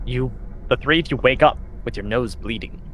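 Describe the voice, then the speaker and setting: A man running a tabletop game as dungeon master, narrating with lively descriptions and quick rules talk. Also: mid-range voice, slight background noise.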